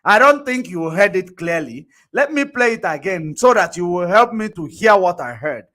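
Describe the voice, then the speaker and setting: A Nigerian man talks over clips he has played, mocking what he hears and repeating phrases for effect. His voice sits a bit high for a man, and he laughs often. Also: expressive, normal speed, pushed and bright. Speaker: commentator reacting to clips. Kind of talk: reaction commentary on played clips.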